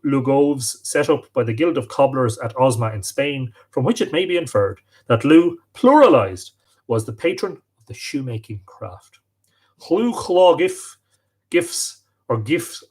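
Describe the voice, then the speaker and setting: A man hosting a live stream, reading passages from books aloud and breaking off for casual asides. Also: medium pitch. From Ireland. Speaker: host.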